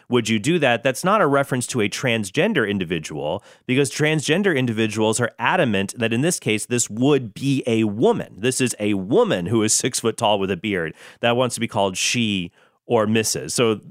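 A man's voice: mid-range voice, dry recording, studio quality. A man hosting his own commentary show, explaining a news case in an earnest, lecturing way with flashes of sarcasm. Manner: earnest, explanatory, with bursts of sarcasm and mock British impressions. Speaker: Catholic apologetics show host.

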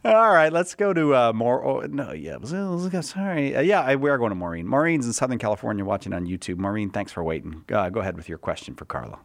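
A man hosting a call-in show, taking callers and joking with his guest in quick banter. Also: medium pitch, big pitch swings, gravelly, no room sound.

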